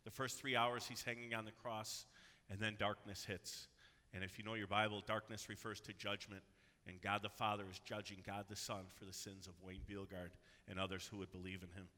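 Man, pastor, sermon, very bright voice, earnest, emphatic, long reverb from a church hall. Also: lowish voice, flat delivery, a little fast. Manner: earnest preaching, rising to loud emphatic cries.

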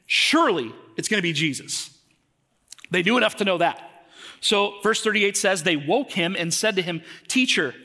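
A man's voice: high-pitched, pushed and bright. A man in his thirties preaching a sermon to a congregation in a conversational way, often asking them questions. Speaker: pastor. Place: church.

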